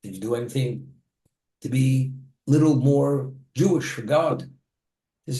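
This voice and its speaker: A man's voice: medium pitch, normal speed, dark tone, reverberant. A man delivering a plain-spoken sermon, telling a story from his own life with the occasional restart.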